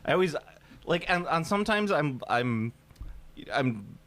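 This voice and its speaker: A man's voice: fairly high pitch, sing-song, a little slow, a bit bright. A man from the United States co-hosting a podcast, chatting casually and joking his way through tangents. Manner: joking, tangential, hums tunes. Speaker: podcast co-host. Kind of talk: casual chat.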